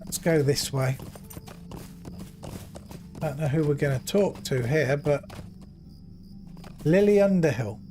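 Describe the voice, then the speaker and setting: A middle-aged man streaming a game, telling an emotional story in an earnest, animated way. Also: a little high, takes it slowly, long pauses, faint music behind. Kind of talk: casual storytelling while gaming.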